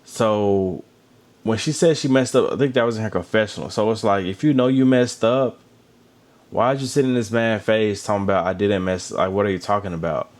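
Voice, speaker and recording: A man's voice: lowish voice, a little fast. Chatty man recapping reality TV. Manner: animated, chatty, with asides about drinking water and lotion. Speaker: reality show recap host. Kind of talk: casual recap commentary.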